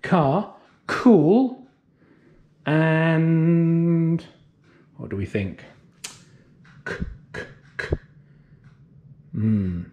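Slow, sing-song man teaching phonics. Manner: slow, drawn-out sounds with lively, sing-song pitch. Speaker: nursery teacher. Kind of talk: phonics lesson for young children. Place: classroom or home, recorded for remote learning.

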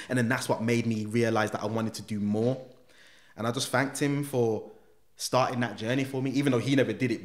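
A young man, a former gang member, telling his life story in a casual interview, full of slang and acted-out quotes. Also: lowish voice. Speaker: guest, former gang member turned motivational speaker.

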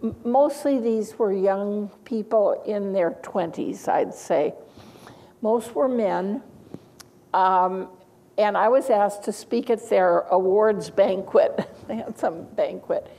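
A woman's voice: mid-range voice, slow pace, dark tone, poor audio. An older woman giving a teacher-training lecture, chatty, with asides and small laughs. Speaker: lecturer on reading instruction.

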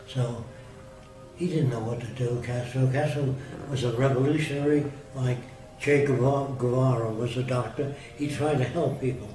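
A man's voice: mid-range voice, dark tone. A man telling a story in a casual, blunt, plain-spoken way, answering an interviewer. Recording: roomy, distant mic with music underneath.

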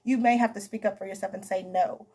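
A woman's voice: mid-range voice, steady tone, quick pace, warm tone, a little hiss or hum. A woman giving a casual tarot reading to camera, chatty and emphatic, calling her viewers honey and baby. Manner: emphatic, repeats herself. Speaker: tarot reader.

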